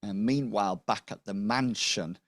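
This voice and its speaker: A man's voice: on the low side, normal speed, no room sound. A man narrating as game master for a tabletop game, rambling with many fillers.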